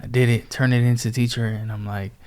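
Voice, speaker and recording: A man's voice: medium pitch, flat delivery, brisk, a little mellow. A young man telling his life story casually, full of "like" and quoted asides. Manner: chatty, lots of "like" and "I was like" quotes. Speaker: testimony speaker.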